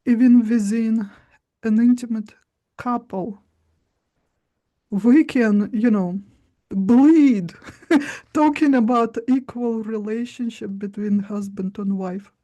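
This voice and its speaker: A woman with a slightly high, mellow voice talks as a guest coach. She speaks slowly and deliberately, leaving long pauses between her points. Her tone stays soft and unhurried throughout. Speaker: guest voice and body-language coach. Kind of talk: instructive interview talk.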